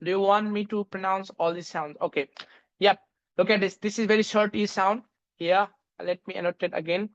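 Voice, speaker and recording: In dull lo-fi audio, a Nepali-accented man from Nepal leads a live online English pronunciation class at a moderate pace. His high voice is steady and a bit bright, and he repeats each sound several times amid many fillers.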